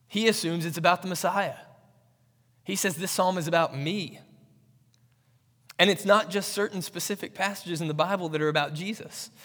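A man preaching a sermon as pastor, earnest and emphatic, with measured rhetorical pauses. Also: high-pitched, fairly bright tone, big-room sound. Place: church sanctuary.

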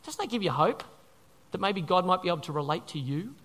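High, lively-voiced male preacher. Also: a little fast. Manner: earnest, repeats phrases for emphasis, asks the congregation questions. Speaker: pastor. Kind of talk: sermon.

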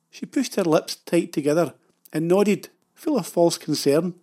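A man's voice: on the high side, lively intonation, a little slow, warm tone. A man with a Scottish accent narrating a humorous story about his own life in a dry, self-mocking way.

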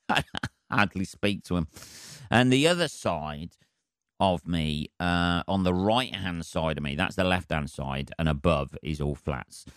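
A man's voice: low-pitched, expressive, a little slow, a bit bright, dry recording, studio quality. A man hosting a comedy podcast, rambling wryly and swearing freely through his own stories.

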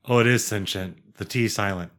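Man, lowish voice, laid-back, teasing, podcast co-host, casual chat. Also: quick pace, fairly bright tone. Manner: laid-back, teasing, says bro a lot.

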